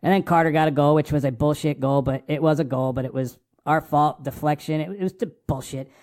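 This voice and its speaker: A man hosting a casual hockey podcast, recapping games in excitable, profane fan talk and acting out his own remarks. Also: fairly high pitch, a little fast.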